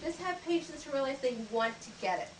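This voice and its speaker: In a library program room, a woman with a high, expressive voice moves briskly through a manners lesson for kids. She acts out greetings and handshakes, upbeat and teacherly, while the distant mic picks up echo and background noise.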